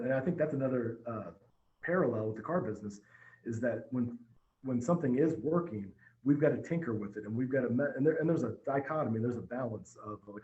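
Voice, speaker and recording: Male dealership manager, podcast guest, animated storyteller; dull remote-call audio. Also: medium pitch, echoey room. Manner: storytelling, energetic, with frequent restarts. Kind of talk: casual podcast conversation.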